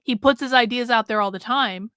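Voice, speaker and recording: A woman's voice: a little high, brisk, sharp tone, smooth, dry recording, clean studio sound. A middle-aged woman hosting a livestream, talking in a blunt, chatty way and laughing often. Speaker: livestream host. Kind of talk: casual livestream commentary.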